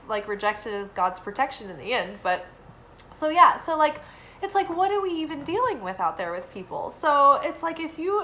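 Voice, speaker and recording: Bright-voiced chatty young woman. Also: high voice, slight background noise, poor audio. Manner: rambling, filler-heavy, animated when quoting. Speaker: tarot reader. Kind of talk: casual spoken reading and storytelling.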